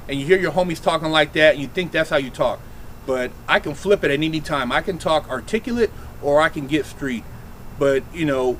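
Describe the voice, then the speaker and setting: A man's voice: high voice, slight background noise, rough recording. A middle-aged man, host of a show, giving blunt, profane and heated street-style advice to young people about staying out of prison.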